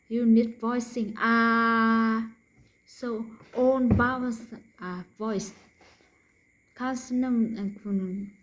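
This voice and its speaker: A woman with a Vietnamese accent teaches English pronunciation in a slow, explanatory lesson, repeating each consonant sound several times. Her voice sits on the high side with a darkish tone, and she drops to a whisper for unvoiced sounds. The audio is poor.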